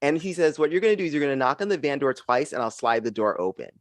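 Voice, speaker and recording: A man's voice: fairly high pitch, fast, no room sound. A man in his forties performing a stand-up set, telling a story with big swings into put-on voices. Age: 40s. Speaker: stand-up comedian.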